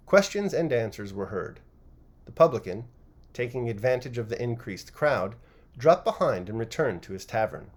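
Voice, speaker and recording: Expressive male audiobook reader. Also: mid-range voice, moderate pace. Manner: expressive, varied reading. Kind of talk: scripted narration of a classic novel.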